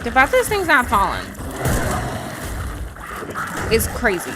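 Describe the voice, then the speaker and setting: A woman's voice: on the high side, huge pitch swings, slow pace, background noise. A woman playing a video game and commenting, exasperated and talking back to the characters on screen. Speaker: gaming streamer. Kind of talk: let's-play commentary.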